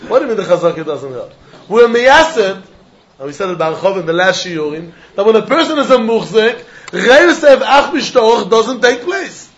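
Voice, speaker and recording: A man giving a lively Talmud class, mixing English with Yiddish and Hebrew terms, asking and answering his own questions and laughing often. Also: sits high, moderate pace. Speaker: Talmud teacher. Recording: dull lo-fi recording.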